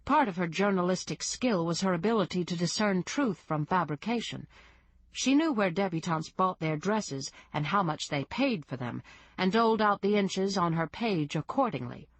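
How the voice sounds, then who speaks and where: Brief: woman audiobook narrator, low register, dry studio sound, first-person storytelling. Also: lively intonation, normal speed, dry recording. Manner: reads in first person, lightly voicing characters. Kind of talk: scripted narration.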